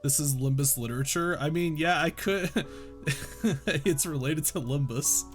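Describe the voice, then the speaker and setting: A man's voice: on the high side, measured pace, soft background music. A man streaming casually, reading a novel aloud to chat while joking, swearing and laughing between lines. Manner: joking, swears freely, lots of laughing asides.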